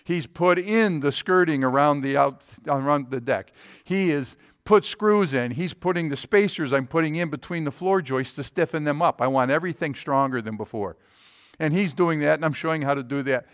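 A man's voice: fairly high pitch, normal speed. A man in his sixties preaching a sermon as a pastor, telling a personal story and often checking in with his listeners.

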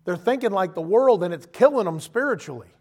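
High-voiced man preaching animatedly. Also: fairly quick. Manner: animated, conversational preaching with acted-out quotes. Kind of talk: sermon.

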